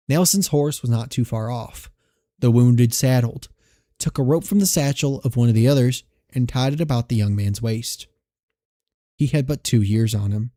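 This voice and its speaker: A man reads chapters of his own western novel aloud on a live stream. His voice is dark and mellow, the room sound dry and close. He often stumbles and restarts words as he reads. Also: medium pitch, no room sound. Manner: halting, restarts words while reading. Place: home streaming setup.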